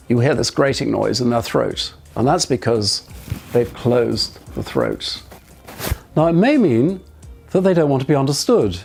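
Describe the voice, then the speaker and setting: A man teaching voice and speaking skills, giving calm, measured instruction and guiding the listener through exercises. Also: medium pitch, vocal fry. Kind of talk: instructional talk to camera.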